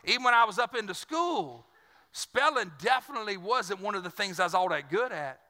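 Brief: man voicing easygoing Cajun joke character, nervous, very bright tone. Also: high-pitched, animated, a little fast, big-room sound. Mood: folksy.

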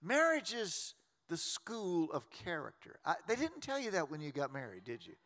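A man, preaching a sermon as a pastor in a folksy, joking way with quick restarts. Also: a little high, huge pitch swings, a bit bright. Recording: long reverb of a large hall.

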